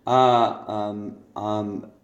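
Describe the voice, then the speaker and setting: A male teacher giving recorded feedback on a student's poetry assignment, halting with many fillers and restarts, reading verse lines aloud. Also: on the low side, little pitch movement, dull audio. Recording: echoey room.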